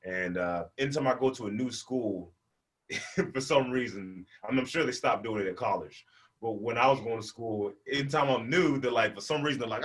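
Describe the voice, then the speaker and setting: A young adult man from the United States doing a stand-up comedy set, telling stories and acting out characters with loud, high-pitched outbursts and laughter. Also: fairly quick. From American, born in Portland, raised in Memphis.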